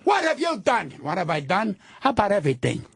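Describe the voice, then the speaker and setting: High-voiced older man ranting with husky rasp. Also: wildly swooping pitch, fairly quick, no room sound. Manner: loud, profane, indignant ranting. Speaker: comedian, radio guest. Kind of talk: ranting radio talk. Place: radio studio.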